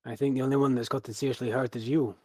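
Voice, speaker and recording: A man's voice: medium pitch, little pitch movement, racing, darkish tone, husky, no echo. A man narrating a tabletop game as game master, rambling with many fillers.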